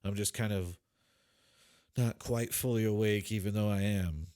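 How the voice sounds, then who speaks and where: A man's voice: fairly low pitch, steady tone, normal speed, mellow, clean tone, dry recording, clean studio sound. A man casually playing a character in a tabletop game, easygoing and chatty. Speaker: player.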